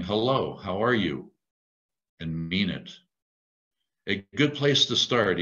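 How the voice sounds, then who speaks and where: A man giving a reflective sermon, measured and thoughtful, with slow emphatic repetitions. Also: deep voice, pushed and bright, highs cut off. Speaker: lay preacher.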